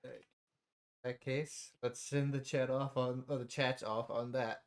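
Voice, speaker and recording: A man, the game master, casually signing off to the stream chat in a relaxed, friendly way. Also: medium pitch, unhurried.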